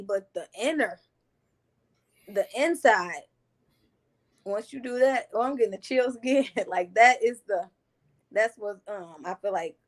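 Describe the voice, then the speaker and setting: A woman hosting a podcast, talking casually and earnestly about faith and self-care. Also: medium pitch. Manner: earnest, spiritual, affirming murmurs. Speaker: podcast host. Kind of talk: casual conversation.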